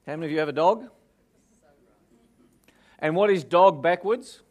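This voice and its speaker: Australian male speaker, lively joke-teller, fairly high voice. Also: normal speed. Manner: lively joke-telling, audience questions. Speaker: motivational speaker. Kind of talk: live motivational talk with jokes.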